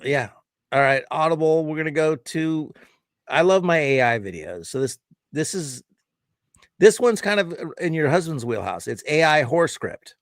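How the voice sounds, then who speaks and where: A man co-hosting a podcast in casual political chat, quick and wry. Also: on the high side, animated. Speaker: podcast co-host.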